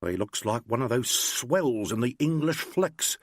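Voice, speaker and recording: In an audiobook, a narrator voices a young New police sergeant, an eager, admiring man gushing his story in lively, bouncing tones. The medium-pitched, slightly slow delivery is close and dry with no echo, chatty and slangy.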